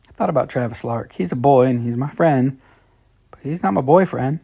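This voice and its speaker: A man's voice: medium pitch, moderate pace, gravelly, mellow, husky. A man reading a children's story told in letters, in plain, friendly storytelling. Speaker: storybook reader.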